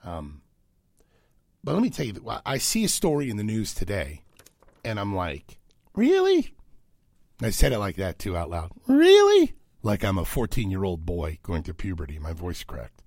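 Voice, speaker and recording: A man's voice: sits low, no echo. A man hosting a talk radio show, talking conversationally into a studio microphone with lots of filler uhs and bursts of disbelief. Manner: conversational, many filler uhs, incredulous outbursts.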